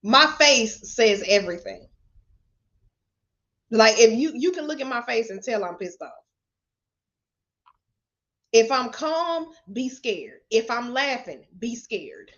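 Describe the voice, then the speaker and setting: Unfiltered motivational lady cussing and laughing on a live, kinda high voice, muffled stream sound. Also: animated, takes it slowly, long pauses, fairly bright tone. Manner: blunt, profane, laughs often. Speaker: motivational speaker. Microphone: webcam or phone camera.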